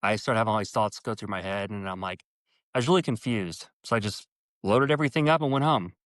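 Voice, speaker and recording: The man being interviewed relates a personal experience earnestly, halting and restarting along the way. Quoted dialogue gets acted out in a voice that jumps higher, and there's no echo.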